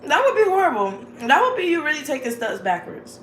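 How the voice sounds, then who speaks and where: A woman's voice: high voice, big pitch swings, fairly quick, fairly bright tone. A woman giving a rambling, casual motivational talk to her viewers, chatty and informal. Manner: rambling, breaks into frequent laughter; addresses viewers as "y'all" and "babes". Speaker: vlogger. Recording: echoey room with faint background noise.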